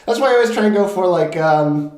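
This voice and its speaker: A young man hosting a casual podcast chat, relaxed and full of fillers, acting out customers as he tells stories. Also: sits high, very fast, slight background noise. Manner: laid-back, lots of fillers, acts out customers. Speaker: podcast host. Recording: echoey room.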